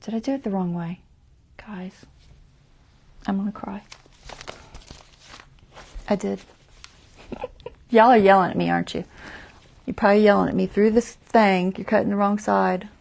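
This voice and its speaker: A woman's voice: medium pitch, steady tone, measured pace, creaky, pauses often, a little mellow. A woman hosting a casual craft tutorial livestream, chatty and self-deprecating, talking herself through each step and muttering half-whispered asides.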